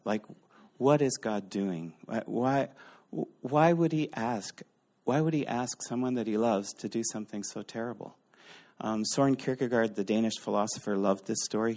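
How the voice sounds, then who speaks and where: Man giving a casual Bible lecture. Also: lowish voice. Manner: lively, thinks aloud with fillers and restarts. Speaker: teacher.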